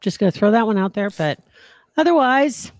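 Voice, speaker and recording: Woman co-host, casual and self-deprecating, mid pitch, dry recording. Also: animated, normal speed, no echo. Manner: chatty, self-deprecating, restarts sentences. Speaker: podcast co-host. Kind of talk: casual chat.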